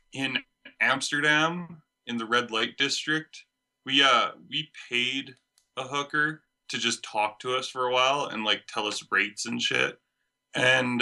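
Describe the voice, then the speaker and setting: A man's voice: mid-range voice, vocal fry, bright, forceful tone. A man as a podcast guest, telling a hesitant anecdote in casual chat.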